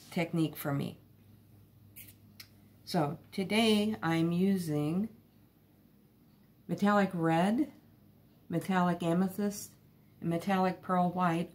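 A woman's voice: on the low side, a little mellow. A woman hosting her own art channel, casually talking through each step of a painting technique in a chatty, lightly self-deprecating way.

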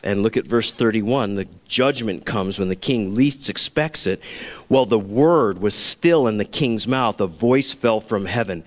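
A man's voice: fairly low pitch, a little slow, in a large hall. A man preaching a sermon as pastor, earnest, now and then acting out the voices he quotes.

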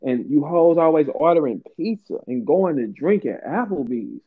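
A man's voice: moderate pace, breathy edge. A man hosting a casual chat, ranting with big swings in his voice. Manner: animated ranting, swings high and low. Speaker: host. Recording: tinny phone-like line.

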